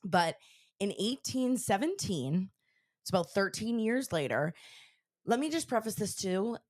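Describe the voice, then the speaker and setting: A young woman co-hosting a podcast, telling a story in a casual, excitable way with lots of filler words. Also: mid-range voice, measured pace, no echo, studio quality. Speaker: podcast co-host.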